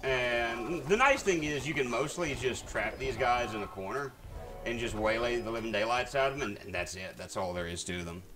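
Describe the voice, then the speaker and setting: A man's voice: mid-range voice, normal speed. Chatty man streaming a game. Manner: chatty, rambling with frequent restarts and fillers. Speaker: streamer playing a video game. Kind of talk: casual gameplay commentary. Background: faint game music.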